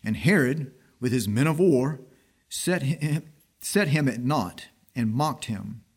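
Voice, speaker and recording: Husky man reading scripture. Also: mid-range voice, lively intonation, slow. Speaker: scripture reader.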